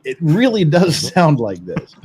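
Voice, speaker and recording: A man's voice: fairly high pitch, wildly swooping pitch, a little slow, darkish tone, slight background noise. Rambling, blunt male podcast host. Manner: rambling, blunt, swears, laughs often. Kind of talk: casual commentary, reading viewer comments.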